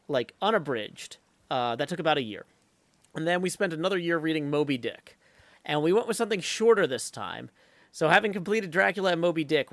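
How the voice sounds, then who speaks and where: A man talks casually to his live stream audience as he plays, thinking aloud and greeting viewers in the chat, with fillers woven through his sentences. His voice sits a little high for a man. The sound is dry and close, with no room echo. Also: fairly bright tone. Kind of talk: casual chat while gaming.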